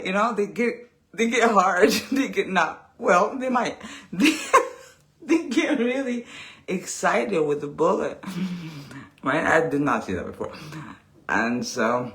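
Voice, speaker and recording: Animated, sarcastic woman in her late thirties. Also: medium pitch, takes it slowly, pauses often. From Texas. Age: 30s. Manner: sarcastic, rambling, laughs often, drops to whispers. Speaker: vlogger. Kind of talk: casual storytime rant.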